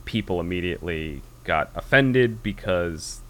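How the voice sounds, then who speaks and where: An American man with a fairly low voice hosts a casual podcast chat. He rambles along with plenty of fillers and restarts as he works toward his point. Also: lively intonation, a little slow, a bit bright. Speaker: podcast host.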